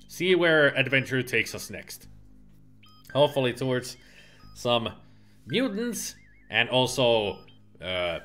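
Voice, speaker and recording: A man's voice: mid-range voice, sharp tone. A man casually commenting on his gameplay with wry, joking asides to his viewers. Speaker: let's play streamer.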